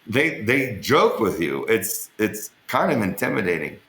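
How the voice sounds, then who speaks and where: A man's voice: fairly low pitch, sing-song, measured pace, fairly bright tone, echoey room. A man being interviewed, telling rambling, joking stories in a casual way and swearing freely. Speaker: interview guest. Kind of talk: casual storytelling on an online interview.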